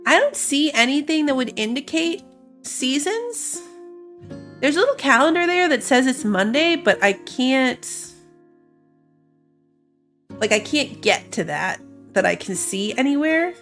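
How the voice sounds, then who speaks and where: A woman's voice: high voice, sing-song, a little slow, long pauses, fairly bright tone, faint music behind. A woman giving casual commentary on a game she is playing, chatty and playful as she thinks aloud. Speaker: gamer.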